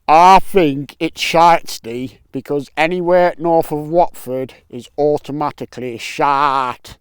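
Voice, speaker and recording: A man's voice: a little high, slow pace, clean tone, dry recording, studio quality. A man voicing a crude, scornful southern English bloke who swears and sneers at everything, outdoors. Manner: swearing, dismissive. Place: outdoors on an island.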